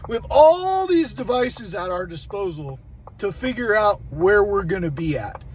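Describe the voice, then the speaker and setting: A man with a notably high voice tells a story in a loose, profane rant. He talks bluntly and animatedly, with a faint hum of background noise behind him. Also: sing-song, unhurried, rough recording. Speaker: vlogger.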